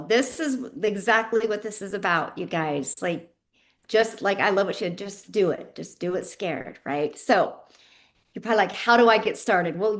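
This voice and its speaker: A woman hosting an online sales webinar on a video call. She praises her guest effusively and talks with enthusiasm. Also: medium pitch. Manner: effusive, enthusiastic, with loud cheers. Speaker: webinar host.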